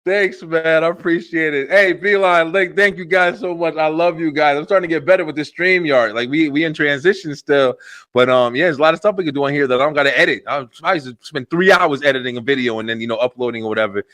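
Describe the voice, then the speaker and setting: A man with a New Jersey accent hosting a web show over a video call, talking fast and excitably with lots of slang and fillers. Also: fairly high pitch, no echo. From Elizabeth, New Jersey. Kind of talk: casual interview chat.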